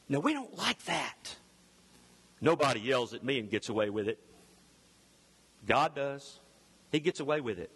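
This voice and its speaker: Southern guy preaching loud, high and swingy voice, bright tone, big echoey church. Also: very animated, measured pace, long pauses, breathy edge. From Mississippi Delta, US South. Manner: loud, emphatic preaching with rising shouts. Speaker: pastor. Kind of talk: sermon.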